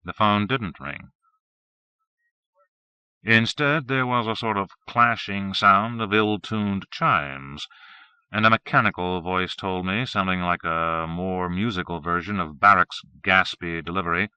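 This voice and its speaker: A man narrating a first-person novel as an audiobook, with steady, measured reading. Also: low voice, smooth, dry recording. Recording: dull 1980s cassette recording.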